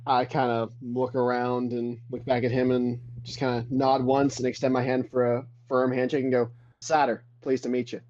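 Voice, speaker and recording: A man's voice: mid-range voice, completely flat delivery, moderate pace, few pauses, a little mellow, dry recording, dull audio. A man playing a tabletop role-playing game, chatting casually and rambling with lots of "like.". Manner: rambling, full of "like" and restarts. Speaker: player.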